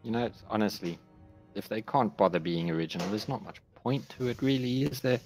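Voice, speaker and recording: A man plays in a tabletop game, speaking dryly with a wry edge. His voice is fairly low, and faint music runs underneath. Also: a little fast, a little mellow. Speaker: player. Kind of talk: casual tabletop play.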